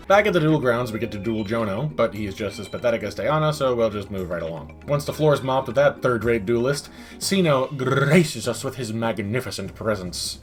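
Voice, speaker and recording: A man giving a comedic, sarcastic game review voice-over that breaks into exasperated rants, recorded close on a mic. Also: medium pitch.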